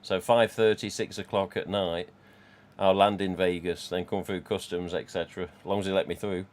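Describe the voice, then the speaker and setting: A man's voice: low-pitched, level tone, normal speed, darkish tone. A man, casually chatting and rambling on a live stream from home. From England. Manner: rambling, chatty, reads out chat.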